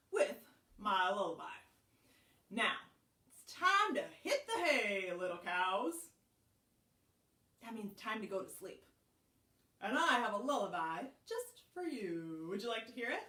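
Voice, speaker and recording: A woman's voice: mid-range voice, sing-song, normal speed, bright, forceful tone, far from the mic. A woman working as a children's librarian, reading aloud to young listeners in a playful, sing-song, coaxing manner. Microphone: camera for a live stream. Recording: echoey room, a little away from the mic.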